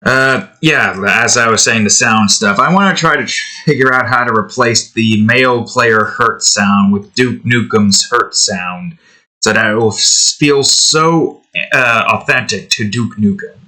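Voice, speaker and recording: A man's voice: medium pitch, a little slow, bright, forceful tone. A young man hosting his own drawing series, chatting casually while he works, rambling and often correcting himself mid-sentence. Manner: rambling, self-correcting, trails off.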